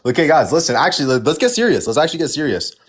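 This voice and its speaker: A man's voice: fairly high pitch, sing-song, racing, slightly rough. A man from Canada, a guest on a live-stream debate, self-assured and defiant, talking over others on an online call.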